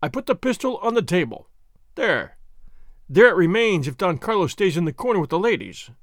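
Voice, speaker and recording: A man's voice: high-pitched, sing-song, fairly quick, a bit bright, no echo, studio quality. A man voicing a bold, dashing masked swordsman who talks in a proud, taunting, declamatory way. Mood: boastful.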